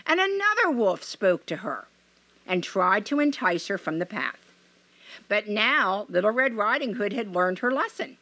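A woman reading a fairy tale aloud in an expressive, measured way. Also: mid-range voice, dry recording.

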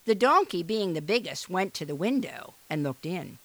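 A woman reading a children's fairy tale aloud in an expressive, animated way. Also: lowish voice, normal speed, no room sound. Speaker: storyteller. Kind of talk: storybook read-aloud.

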